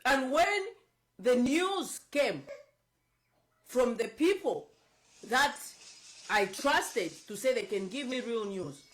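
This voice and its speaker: A woman's voice: fairly high pitch, animated, takes it slowly, pauses often, poor audio. A woman from Zambia giving emotional, insistent political commentary, upset and near tears, repeating herself. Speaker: political advocate.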